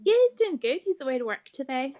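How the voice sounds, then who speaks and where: Woman from Ireland, high and very lively, chatty guest on a video call. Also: quick pace. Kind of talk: casual chat.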